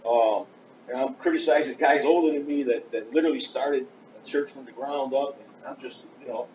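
A man's voice: medium pitch, normal speed. A man preaching in church, earnestly telling his own story and acting out conversations along the way. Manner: earnest, animated, acts out conversations. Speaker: preacher giving his testimony. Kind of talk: storytelling sermon. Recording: dull lo-fi church recording with faint hiss.

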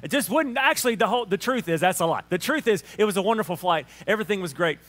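A man in his thirties with a Southern Alabama drawl, preaching a sermon and telling a family story with lively restarts. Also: sits high, fast talker. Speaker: pastor.

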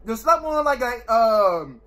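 A man's voice: very high voice, very animated, slow pace, sharp tone. A young man giving joking, swearing horror game commentary, reading the game text aloud. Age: young adult. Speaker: gaming YouTuber.

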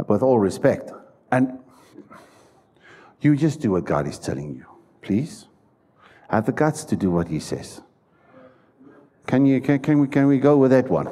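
A man's voice: medium pitch, sing-song, unhurried, pauses often, mellow. A man preaching a sermon in a church, stressing his points and putting questions to the congregation. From South Africa. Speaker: pastor.

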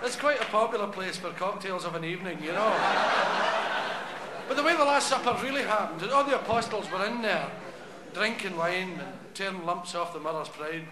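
A man's voice: high voice, normal speed, very noisy. A man with a Glasgow accent doing live stand-up, telling a rambling story and laughing at his own jokes. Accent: Scottish (Glasgow). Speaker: stand-up comedian. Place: concert stage before a large audience. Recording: echoey live hall with loud audience.

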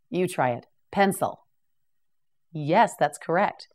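Slow, deliberate woman teaching vocabulary. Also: deep voice, lively intonation, a little mellow. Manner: repeats each word slowly and evenly, with brief praise. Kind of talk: slow, clear vocabulary drill for beginners.

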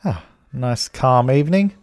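Man, casual let's-play commentary, chatty, laughs often, talks to his game characters, mid pitch, desk mic. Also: animated, unhurried, a little mellow.

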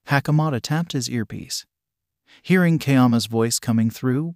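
A man narrating a fan fiction story with a steady, even delivery. His voice sits at a middle pitch and is recorded dry and close, with no room sound. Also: moderate pace, no echo.

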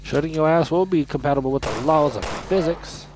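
A young man giving casual commentary while playing a video game, excitable and cursing, often shouting at the game. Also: a little high, brisk. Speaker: gamer.

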